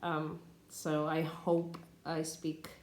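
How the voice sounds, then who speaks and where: Woman, English teacher, pronunciation lesson, slow and deliberate, hesitant, echoey room. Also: low voice, monotone, darkish tone, a little hiss or hum.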